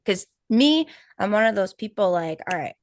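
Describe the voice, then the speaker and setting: A woman co-hosting a live stream, telling a personal story in casual chat, animated and full of fillers and quoted asides. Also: medium pitch, moderate pace, no echo, clean studio sound. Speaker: co-host of a spiritual healing live stream.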